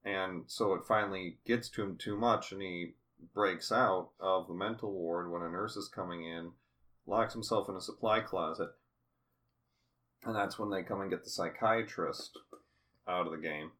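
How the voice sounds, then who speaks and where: A man's voice: low voice, moderate pace, a bit bright. A man in casual chat recapping a TV episode, acting out scenes in put-on voices. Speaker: podcast co-host.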